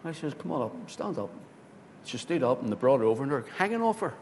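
A man, a pastor telling a story in a sermon, swinging from loud, excited bursts to hushed tones. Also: fast. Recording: hall reverb with faint rumble.

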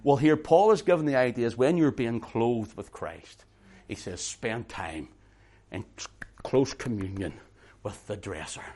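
A middle-aged man preaching a sermon, swinging between hushed intimate talk and loud emphatic preaching, repeating words for emphasis. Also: mid-range voice, unhurried, a little hiss or hum.

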